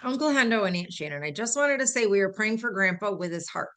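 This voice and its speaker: Brisk woman reading viewer questions. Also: medium pitch, lively intonation, fairly bright tone. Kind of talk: casual live-show chat.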